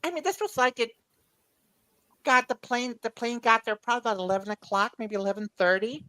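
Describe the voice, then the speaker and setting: A woman's voice: on the high side, brisk, sharp tone, dry recording, low-quality recording. A woman guest in a casual chat, rambling through memories with frequent restarts and laughs. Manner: rambling, repeats words while recalling, laughs often.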